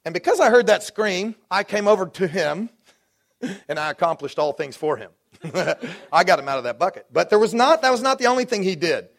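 A man in his forties preaching with fervor in a high, ringing voice. He builds to loud declarations and then drops into easygoing, chatty stories about his own life. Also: sing-song, fairly quick. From Dallas, Texas. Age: 40s. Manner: preaching with rising fervor and warm asides. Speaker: pastor. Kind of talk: sermon.

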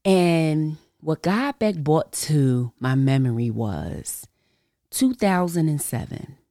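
A woman hosting a podcast and sharing a personal faith testimony in casual, colloquial speech, animated as she acts out her own reactions. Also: low voice, slow, dry recording, studio quality. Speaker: podcast host.

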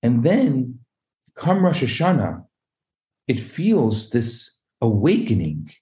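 A man, a rabbi, telling a parable in an animated sermon, acting out the voices of its characters. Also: medium pitch, extremely slow, long pauses. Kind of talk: storytelling sermon.

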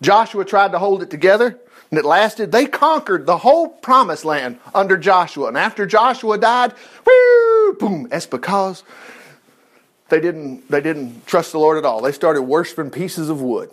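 A man reading the Bible aloud in an informal way, breaking in with excited exclamations and asides. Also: on the high side, normal speed. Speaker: Bible teacher.

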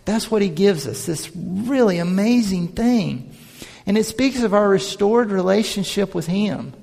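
Male pastor, gravelly, slightly high voice, preaching with emphatic build-ups, long church-hall reverb. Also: animated, unhurried, darkish tone. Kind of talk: sermon.

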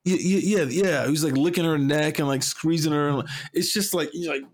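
A man co-hosting a podcast speaks at a normal speed in a fairly high voice. He rambles through casual chat full of fillers and restarts, animatedly acting out quoted lines in different voices.

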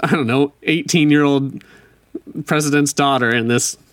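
A man's voice: fairly high pitch, steady tone, moderate pace, no room sound. A man co-hosting a casual video game podcast, eagerly sharing trivia facts. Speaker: podcast co-host. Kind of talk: casual gaming chat.

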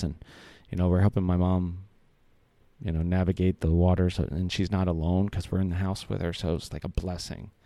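Deep gravelly earnest man. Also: mellow, dry recording. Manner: rambling, earnest, full of fillers and restarts. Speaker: vlogger telling a personal story. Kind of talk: casual heartfelt storytelling.

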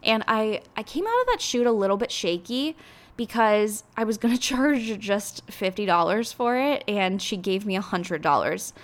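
A young woman talks alone on her podcast in an easy, unscripted monologue. She rambles and gets emotional, leaning constantly on casual fillers. Her voice sits at an ordinary middle pitch for a woman. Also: animated, moderate pace. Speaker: podcast host.

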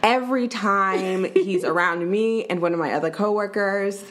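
A young woman in casual podcast chat, recounting a workplace story at an unhurried, thoughtful pace. Her pitch sits mid-range for a woman, and she pauses often, filling the gaps with soft ums. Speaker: podcast co-host.

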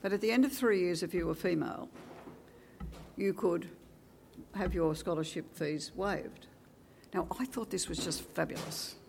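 An older woman with an Australian accent, a retired teacher, recounting her career with lively acted-out dialogue and wry asides. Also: lowish voice, moderate pace, vocal fry, slight background noise. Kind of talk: oral history reminiscence.

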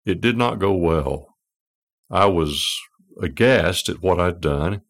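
A man's voice: sits low, lively intonation, slow pace. A middle-aged man hosting a devotional podcast, telling a story with wry, self-deprecating humor. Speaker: podcast host.

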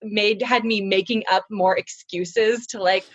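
A woman hosting a podcast interview, friendly and animated, laughing along with her guest. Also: mid-range voice, a little slow, husky, dull audio. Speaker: podcast host. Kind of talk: casual interview chat.

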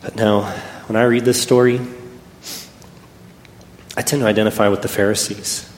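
A man preaching a sermon, telling a personal story and swinging between loud and hushed delivery. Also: lowish voice, little pitch movement, normal speed, a little hiss or hum. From Texas. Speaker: pastor. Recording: echoey hall with faint ambience.

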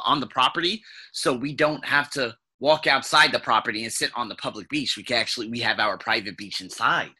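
A man casually telling a personal story on his vlog, animated and swearing freely, sometimes mimicking sounds. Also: medium pitch, slightly rough. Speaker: vlogger.

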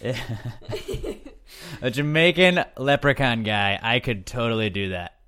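A man's voice: medium pitch, slow, bright, forceful tone, clean tone. A young man hosting a podcast, recapping in a loose, joking, rambling chat full of fillers. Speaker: podcast host.

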